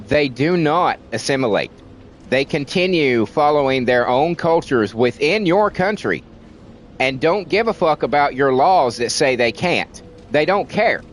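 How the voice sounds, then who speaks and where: This American man livestreams a casual, heated rant full of profanity, repeating words for emphasis. His voice is a little high and expressive, his pace measured, with slight noise in the background.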